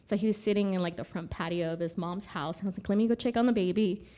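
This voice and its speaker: A woman's voice: mid-range voice, fast talker. A young woman, a podcast guest, telling a story in casual chat, laughing often and acting out what people said. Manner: animated, laughs often, acts out quotes.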